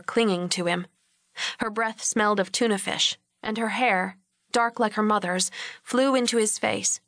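Female audiobook narrator, mid pitch, measured, dry close mic. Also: a bit bright, no echo. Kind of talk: scripted narration.

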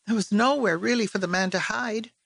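A woman's voice: medium pitch, vocal fry, dry recording. Woman reading a novel aloud, dry and close. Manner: measured, even storytelling. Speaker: narrator. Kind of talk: audiobook narration of literary fiction.

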